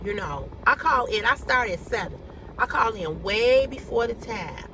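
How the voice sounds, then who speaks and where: A woman's voice: on the high side, animated, moderate pace. An adult woman vents angrily to her viewers while driving, repeating herself and swearing. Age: adult with a mortgage and a child. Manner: angry, repetitive venting, swearing. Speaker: vlogger. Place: in a car. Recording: distant phone mic in a car with loud road noise.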